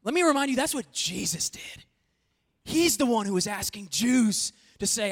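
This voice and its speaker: A pastor preaching a sermon to a congregation, talking animatedly and swinging between quiet passages and loud emphatic bursts. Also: mid-range voice, lively intonation, normal speed. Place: church hall before a congregation. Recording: long echoey hall reverb.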